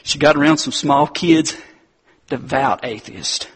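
Husky-voiced man giving a chatty sermon. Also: mid-range voice, a little slow. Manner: relaxed, chatty, addresses listeners as guys. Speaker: preacher. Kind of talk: conversational sermon.

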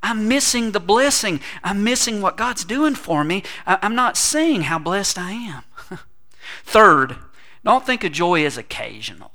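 A middle-aged man delivers a sermon in a bright, forceful voice that sits a little high for a man. He swings between big, emphatic declarations and soft, quiet asides, with humor and acted-out voices woven through. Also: measured pace. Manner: animated preaching with humor and asides. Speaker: pastor.

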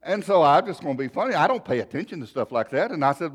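A man preaching a sermon, telling a folksy personal story and shifting between loud and soft. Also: fairly high pitch, big pitch swings, fast talker, husky. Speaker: pastor.

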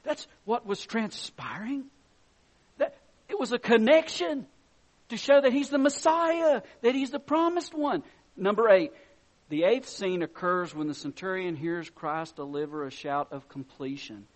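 Slow, fervent male preacher. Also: sits high. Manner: slow, reads scripture quietly then rises to loud excited emphasis; chuckles between points. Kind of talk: sermon.

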